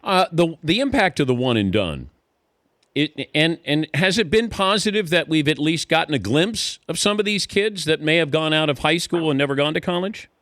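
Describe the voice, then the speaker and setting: A man hosting a radio show, asking his guest brief, even-toned questions. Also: fairly high pitch, normal speed, no room sound, clean studio sound. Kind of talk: radio interview.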